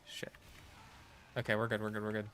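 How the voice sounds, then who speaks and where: A man's voice: fairly low pitch, monotone, a little fast, a bit bright, a little hiss or hum. A young American man giving casual gameplay commentary, muttering and swearing to himself as he plays. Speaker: gaming streamer.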